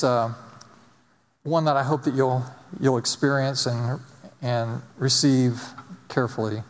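A man's voice: medium pitch, long reverb tail. A man giving a conversational sermon, telling stories and asking the congregation rhetorical questions. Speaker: pastor.

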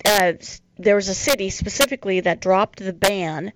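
A woman's voice: mid-range voice, moderate pace, background noise. A woman co-hosting a radio talk show in a studio, dry and teasing in manner. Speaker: radio co-host.

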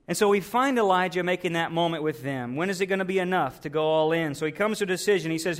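A male pastor preaching with a high, light voice. His sermon is earnest and builds to emphatic, forceful peaks. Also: fast.

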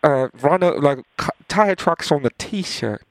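A man putting on the voice of a polite British tourist on holiday for a prank phone call, halting and repeating himself. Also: fairly high pitch, lively intonation. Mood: fumbling.

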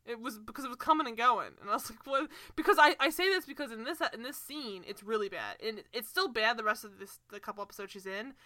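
A young woman co-hosting a podcast, chatting casually about a TV show, animated and laughing often. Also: on the high side, quick pace, hardly any pauses, no echo, studio quality. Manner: animated, laughs often, trails off mid-sentence. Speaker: podcast co-host. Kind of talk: casual chat recapping a TV show.

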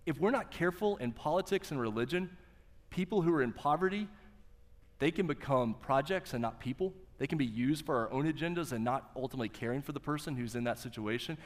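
A middle-aged male pastor giving a sermon, conversational and animated, asking the listeners rhetorical questions. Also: mid-range voice, quick pace. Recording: long reverb of a large hall.

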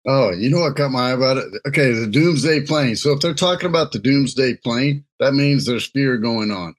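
A man's voice: mid-range voice, brisk. A man co-hosting a casual chat, laid-back and rambling, joking between points. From Louisiana. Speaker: co-host. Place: Nebraska.

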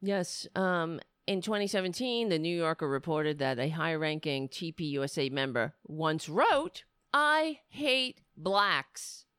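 A woman's voice: low-pitched, expressive, moderate pace, few pauses, clear, resonant tone, dry recording. Indignant, sarcastic woman ranting. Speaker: political commentator. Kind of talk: angry commentary rant.

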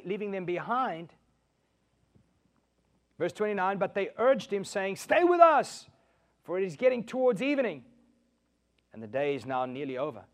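A man preaching a sermon in an animated way, acting out quotes and laughing often. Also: high-pitched. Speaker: pastor.

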